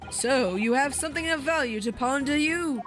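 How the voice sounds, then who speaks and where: A woman voicing a courtly, pompous male gentleman detective. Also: high-pitched, moderate pace, over music, close to an everyday voice.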